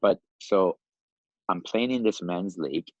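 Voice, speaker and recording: A man in his fifties from Iran, a podcast guest telling his life story in a lively, animated way, often laughing and acting out the voices of other people. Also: sits low, a little slow, no room sound, lo-fi sound. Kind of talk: casual storytelling.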